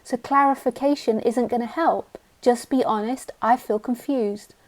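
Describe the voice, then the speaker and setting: A woman's voice: on the high side, fairly even intonation, moderate pace. A woman spiritual teacher giving a live talk, blunt and direct, sometimes mocking the mind in silly voices.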